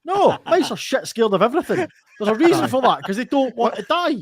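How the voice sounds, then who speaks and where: A man's voice: very high voice, big pitch swings, a little fast, slightly rough. A man co-hosting a podcast in casual chat, arguing in an exasperated, sweary way, heard over a video call. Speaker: podcast co-host.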